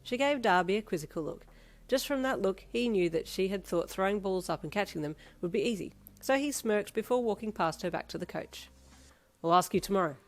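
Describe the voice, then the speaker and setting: A woman narrating a fan fiction audio story in a steady, even read. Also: mid-range voice. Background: faint instrumental music.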